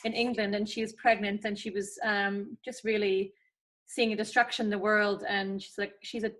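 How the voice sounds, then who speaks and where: A woman's voice: mid-range voice, little pitch movement, moderate pace, fairly bright tone. A woman talking about her work as a forest therapy practitioner in an enthusiastic, chatty way, with frequent restarts, as a guest on a remote call. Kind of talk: casual conversational interview.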